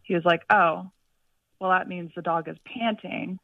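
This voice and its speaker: A woman's voice: on the low side, steady tone, normal speed, dry recording. A woman calling into a radio show, telling a story in a chatty way full of fillers. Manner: chatty, lots of likes and fillers. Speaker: caller. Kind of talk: phone-in chat. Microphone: telephone. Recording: tinny distant phone line.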